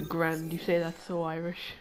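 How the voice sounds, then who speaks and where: A woman giving chatty, excitable commentary while playing a video game with friends. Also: medium pitch, a little hiss or hum. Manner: excitable, chatty, quick to shriek. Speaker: gamer making a video with friends. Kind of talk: casual gameplay commentary. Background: game music.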